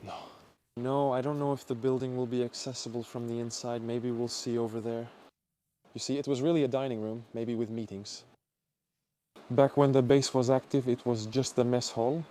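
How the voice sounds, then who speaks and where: A man with a warm, low-toned voice talks viewers through an exploration vlog. He is excitable and exclamatory as he points things out. A faint ambient hum sits behind him. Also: normal speed. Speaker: urban explorer vlogger.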